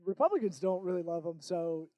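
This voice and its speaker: A man hosting a podcast in casual comedic chat, playful and jokey, breaking into loud bits. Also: high-pitched, animated, a little fast. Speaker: podcast host.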